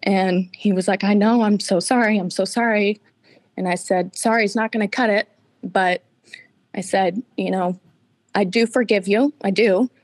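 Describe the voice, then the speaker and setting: A woman's voice: mid-range voice, steady tone, moderate pace, no room sound. A woman guest giving a candid, emotional personal account in an interview, tearful at times.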